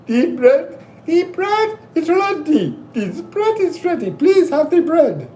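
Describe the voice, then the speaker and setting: A doting elderly nanny lady with an Indian accent, put on by a man. The falsetto is squeaky and sing-song, climbing far above a man's own pitch. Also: very animated, takes it slowly, warm tone, exaggerated voice. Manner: very high, sing-song falsetto, repeating itself.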